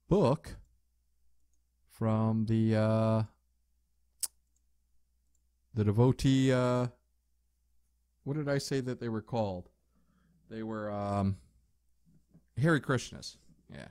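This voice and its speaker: A man casually commenting as he plays an old adventure game, relaxed and chatty, with jokey asides. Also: lowish voice, takes it slowly, long pauses, no echo, clean studio sound. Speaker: let's play host.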